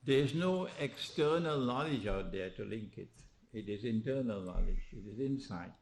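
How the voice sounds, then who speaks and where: A man giving a religious lecture, asking rhetorical questions, often tagging on "huh?" and chuckling at his own points, swinging between emphatic rises and low quiet stretches. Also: expressive, normal speed. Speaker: Islamic lecturer.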